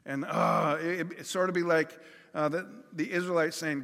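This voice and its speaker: Man, pastor, conversational sermon, fairly high voice, long hall reverb. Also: fairly even intonation, moderate pace, a bit bright. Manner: conversational preaching with hypothetical examples and acted-out pleas.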